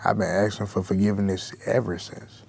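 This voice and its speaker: A man's voice: fairly low pitch, level tone, a little fast, gravelly, a little mellow, breathy edge. A young man, a rapper guest, talking candidly and emotionally in slang-heavy speech. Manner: raw, emotional, slangy with constant "bro". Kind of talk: candid interview talk.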